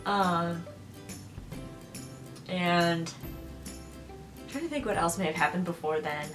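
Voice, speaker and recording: A woman's voice: lowish voice, takes it slowly. A woman in her twenties chatting casually in a vlog, rambling with lots of "like" and "um". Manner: rambling, full of "like" and "um". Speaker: vlogger. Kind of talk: casual chat. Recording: roomy echo, distant from the mic, faint music.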